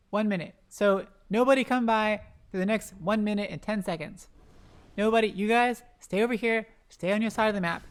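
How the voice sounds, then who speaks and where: An esports caster giving live play-by-play commentary, rapid-fire and excitable, breaking into loud exclamations and talking to the players on screen. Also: medium pitch. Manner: talks to the players on screen, self-deprecating asides.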